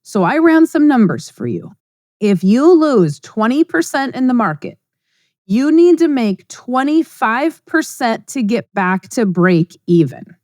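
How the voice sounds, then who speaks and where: A woman's voice: fairly high pitch, big pitch swings, measured pace, a little mellow, dry recording, studio quality. A middle-aged woman hosting a podcast, talking in a blunt, emphatic, conversational monologue. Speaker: podcast host. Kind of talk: casual monologue.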